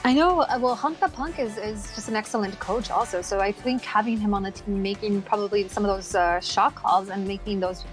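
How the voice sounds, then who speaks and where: A woman's voice: medium pitch, fairly quick, hardly any pauses, faint music behind. A woman casting an esports tournament, chatty and upbeat, laughing often. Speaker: esports caster.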